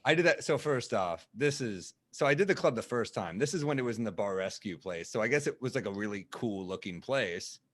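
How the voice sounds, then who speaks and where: A man in his thirties, a comedian co-hosting a casual chat, telling a story and acting out the people in it with loud, high bursts. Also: expressive, brisk, hardly any pauses. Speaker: podcast co-host, comedian.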